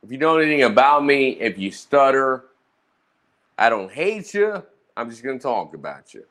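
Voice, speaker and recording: Brash man, crude streamer storyteller, pitch swinging high and low. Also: normal speed. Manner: profane, animated, brash roasting talk. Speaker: streamer recounting roast battles. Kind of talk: casual storytelling monologue.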